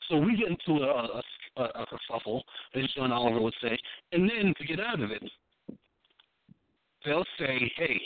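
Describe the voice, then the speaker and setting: A man's voice: medium pitch, animated, normal speed, no echo. Blunt, profane man with a tinny sound. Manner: profane, blunt, repeats himself while building a point. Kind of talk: casual political commentary. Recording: thin phone-like dry sound.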